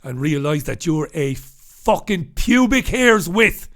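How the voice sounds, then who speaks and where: A man delivering heated solo commentary on the news, ranting and swearing, often breaking into shouts. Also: a little high, very animated, slow pace. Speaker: commentator reviewing newspapers.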